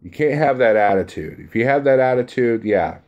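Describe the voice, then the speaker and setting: A man's voice: mid-range voice, expressive, normal speed, a little mellow, muffled recording. A man who drives a truck, chatting casually on a live stream and reading out viewer comments in a blunt, chummy way, laughing easily.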